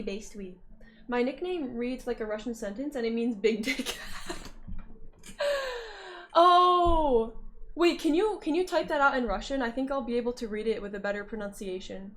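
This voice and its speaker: Playful young woman chatting on stream. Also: a little high. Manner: playful, teasing, laughs often and hums or sings in snatches; reads chat messages aloud and answers them. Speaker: streamer reading chat. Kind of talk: casual livestream chat.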